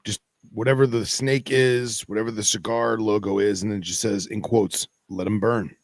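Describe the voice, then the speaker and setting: A man co-hosting a casual podcast, halting and often restarting his sentences. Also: on the low side, fairly even intonation, no room sound, studio quality. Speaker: podcast co-host. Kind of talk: casual chat.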